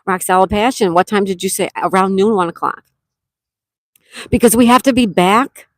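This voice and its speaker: A chatty woman hosts a relaxed livestream from a campsite cabin, greeting each viewer by name. Her voice sits at an ordinary middle pitch, and the sound is dry and close with little room echo. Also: normal speed. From Western New York. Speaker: livestream host. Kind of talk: casual live chat, reading comments aloud.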